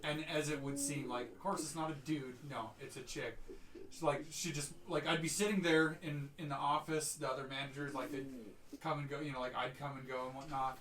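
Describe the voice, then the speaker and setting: A man's voice: fairly high pitch, steady tone, a little fast, fairly bright tone, distant mic, a little hiss or hum. Roomy off-mic man telling stories. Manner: loose storytelling with swearing. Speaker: podcast co-host. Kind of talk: casual chat.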